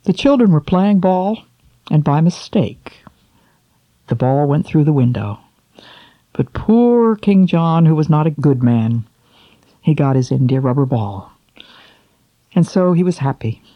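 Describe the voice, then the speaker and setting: Slow, expressive woman storyteller. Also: deep voice, dry recording, dull audio. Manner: slow and expressive, asking listeners questions. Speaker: storyteller for children. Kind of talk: poem reading and moral talk.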